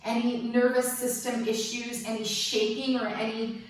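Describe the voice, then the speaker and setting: A woman leads a yoga class with a bright, slightly high voice, gentle and playful, dropping light jokes between cues. She is heard from a little way off the mic, in a strongly echoing room. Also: level tone, moderate pace. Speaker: yoga instructor. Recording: very echoey room, mic at a distance.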